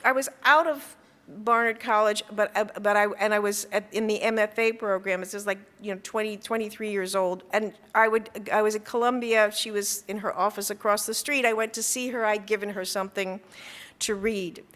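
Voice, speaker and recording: A woman's voice: mid-range voice, steady tone, a bit bright. A woman author telling stories from her writing life, stopping often to restart her sentences between fillers. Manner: halting, many restarts and fillers. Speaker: author speaking at an event. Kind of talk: talk. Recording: long hall reverb.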